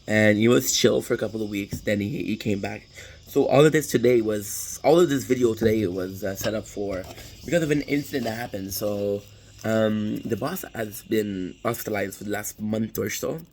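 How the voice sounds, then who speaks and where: A man's voice: on the low side, moderate pace, darkish tone, rough recording. A young man talking to camera as he eats, telling a personal story in a rambling, profane way with many restarts. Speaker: vlogger. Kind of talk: casual storytelling while eating.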